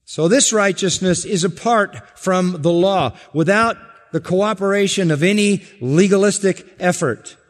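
Emphatic preacher in a reverberant hall. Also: male voice, sits high, unhurried. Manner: emphatic, repeats key phrases, swings between loud and hushed. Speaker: pastor. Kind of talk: expository sermon.

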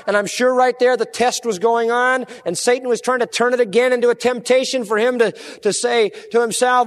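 A man preaching a sermon, earnest and emphatic, dropping low and quiet to stress a point. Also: steady tone, brisk, hardly any pauses, in a large hall.

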